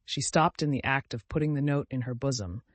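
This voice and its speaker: A man narrating an audiobook in a measured, even delivery. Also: medium pitch, no echo.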